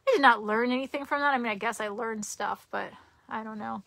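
A woman's voice: a little high, brisk, gravelly, a bit bright, no echo. A young woman chatting casually on a live stream from her cluttered bedroom, giggly and rambling, often restarting her sentences. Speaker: vlogger.

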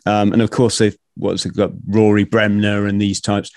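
Podcast host, lowish voice, jokey, dry close mic. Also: male voice, level tone, normal speed, darkish tone, no echo. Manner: chatty, jokey, informal. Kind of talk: casual conversation.

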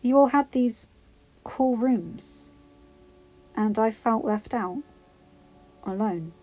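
A woman voicing a bubbly, wide-eyed teenage girl who gushes in a high, breathless voice. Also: lively intonation, slow pace, a little mellow. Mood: wistful. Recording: slightly dull lo-fi recording.

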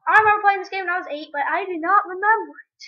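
A woman giving excitable gaming commentary at her computer, talking to the game and her viewers. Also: very high voice, racing, raised voice, muffled recording. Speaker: let's play gamer. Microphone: webcam or computer mic.

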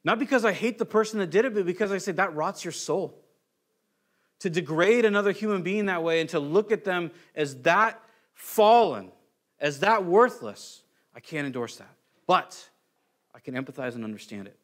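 A man's voice: high-pitched, expressive, moderate pace. A male pastor preaching a conversational sermon, acting out quoted voices and restarting phrases often.

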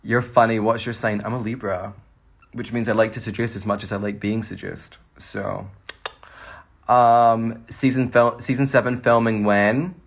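A man's voice: on the low side, fairly even intonation, unhurried, gravelly, husky. A Scottish man, an actor, rambling cheerfully through fan questions in a casual phone livestream. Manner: chatty, rambling, laughs often.

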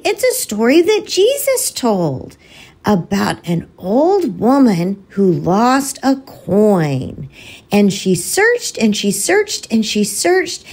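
A woman's voice: sits high, a little mellow, heavily acted. A woman voicing a cheerful puppet friend on a children's ministry show, friendly and earnest.

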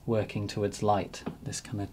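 A man narrating a painting demonstration as he works, relaxed and thinking aloud. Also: fairly low pitch, moderate pace, a little hiss or hum. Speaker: painting teacher.

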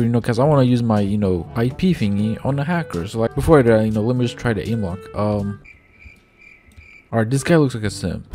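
A young man doing casual gameplay commentary, rambling and full of fillers, excitable and profane as he trash-talks other players. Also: medium pitch. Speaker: gaming YouTuber.

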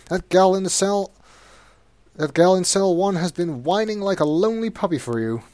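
A man playing a gruff male jailer in a cop game, loud and complaining. He speaks in a raised, grumbling voice, pitched above a normal talking voice. The sound is dry and close. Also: moderate pace, dry recording, lightly acted.

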